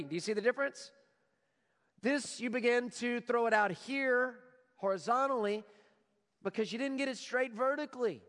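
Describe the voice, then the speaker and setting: A man in his forties preaching a sermon as a pastor, moving between loud emphasis and hushed, prayerful passages. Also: extremely high pitch, a little fast, in a large hall.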